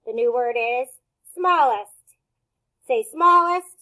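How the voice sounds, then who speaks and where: A woman teacher runs a phonics lesson for young children. Her voice sits high, and she says each word slowly and with great care. Her tone stays cheerful and encouraging throughout. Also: bright, forceful tone, rough recording. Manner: slow, clear, over-enunciated word drills.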